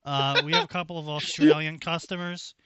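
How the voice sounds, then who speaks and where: A man's voice: fairly high pitch, fairly even intonation, a little fast, fairly bright tone, clean tone, no echo. A man co-hosting a stream, reading fanfiction aloud and making dry sarcastic asides. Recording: dry, dull lo-fi mic.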